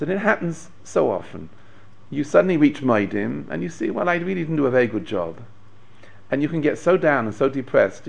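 Brief: male rabbi giving a Torah class, gravelly voice with a lively, swooping pitch, an animated storyteller. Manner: animated storyteller, acts out quotes, chuckles. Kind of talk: Torah lecture.

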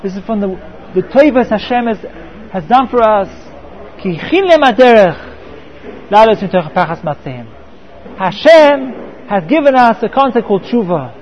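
A man's voice: high voice, big pitch swings, normal speed, dull audio. A man teaching a Torah class, often repeating words and mixing in Hebrew terms.

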